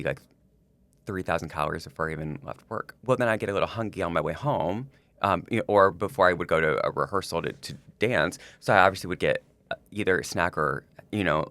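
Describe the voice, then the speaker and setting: A man's voice: deep voice, quick pace, a bit bright, dry recording. A man on a podcast, telling a personal story in casual chat, rambling with lots of likes and restarts. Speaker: podcast co-host.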